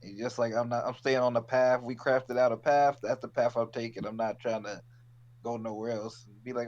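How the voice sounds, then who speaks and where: A man's voice: medium pitch, fairly quick, darkish tone. Laid-back man on muffled lo-fi audio. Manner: laid-back, swears freely. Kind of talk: casual chat. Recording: dull lo-fi audio.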